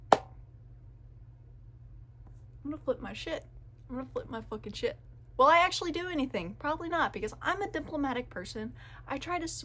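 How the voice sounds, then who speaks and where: Bright-voiced young woman ranting. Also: on the high side. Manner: profane, exasperated, quick to vent. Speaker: vlogger telling a story. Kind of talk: casual storytime rant.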